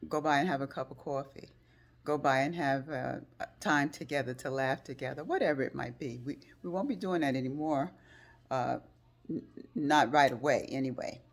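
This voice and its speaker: An older woman tells a personal story straight to the camera. Her voice sits low in pitch, and she leaps much higher when she re-enacts the phone calls, repeating herself as she speaks. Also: moderate pace. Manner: emotional retelling, acts out phone calls in a high excited voice. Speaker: vlogger.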